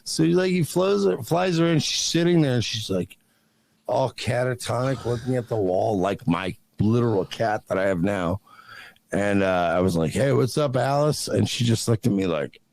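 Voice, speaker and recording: A man's voice: on the low side, moderate pace, creaky, a little mellow, no room sound. A man telling crude, boastful stories and laughing at his own jokes during a livestream panel chat. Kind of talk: brash livestream banter.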